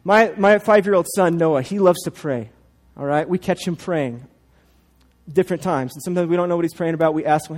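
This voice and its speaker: A man pastor in his thirties gives a sermon with the animated, playful touch of a storyteller. His voice sits a little higher than most men's, and he keeps leaning on quick asides to the congregation.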